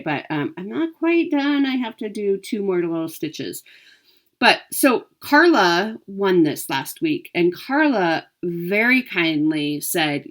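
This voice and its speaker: Unhurried and lively in intonation, a woman with a lowish voice chats to camera about cross-stitch finds and giveaways. Her upbeat talk is full of ums and self-corrections.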